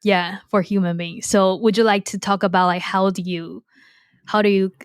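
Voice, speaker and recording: A woman's voice: mid-range voice, fairly even intonation, moderate pace, clean tone. A woman hosting a podcast interview, speaking enthusiastically with frequent fillers and hesitations. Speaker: podcast host. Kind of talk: casual interview chat.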